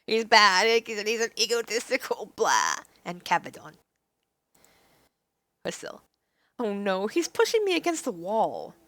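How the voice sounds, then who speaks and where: A woman's voice: medium pitch, sing-song, a little slow, pauses often, a bit bright, no echo. A woman in her thirties streaming a game, making giggly, playful asides between lines. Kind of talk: casual game commentary.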